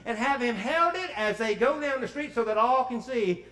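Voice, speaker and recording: High-voiced male preacher in an echoey church. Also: normal speed, hardly any pauses. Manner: lively, quizzes the congregation. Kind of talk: storytelling sermon. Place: church sanctuary.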